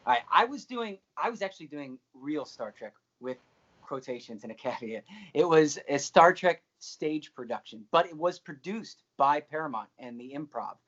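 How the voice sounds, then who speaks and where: A man guest on a podcast, telling an anecdote in a lively way and laughing along as he goes. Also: on the high side, moderate pace, muffled recording. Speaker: guest, actor.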